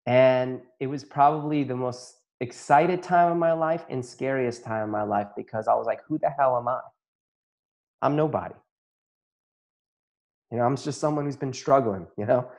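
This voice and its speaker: Earnest man telling his life story. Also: mid-range voice. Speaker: chiropractor and workshop facilitator. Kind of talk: personal testimony to an audience.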